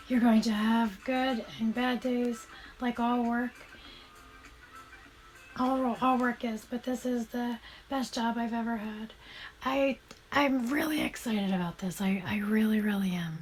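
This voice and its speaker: A woman streaming as she paints shoes, chatting casually and thanking viewers in a soft, often half-whispered voice. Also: on the high side. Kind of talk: casual live-stream chat while painting.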